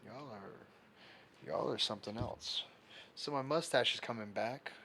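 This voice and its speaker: A young livestream host chats casually in a medium-pitched, gravelly, sharp-toned voice at an unhurried pace, with a little hiss or hum on the recording. He rambles, reading viewer comments aloud while fiddling with his setup.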